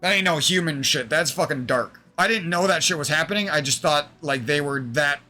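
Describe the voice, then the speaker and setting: A man's voice: on the high side, brisk, bright, forceful tone, faint music behind. A young man streaming, venting in a rambling, aggrieved monologue full of swearing.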